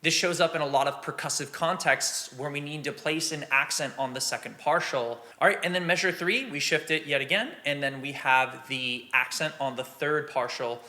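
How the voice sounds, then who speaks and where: A man's voice: fairly high pitch, normal speed, hardly any pauses, sharp tone. A man explaining drum exercises patiently and counting beats aloud as a teacher. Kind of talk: instructional drum lesson.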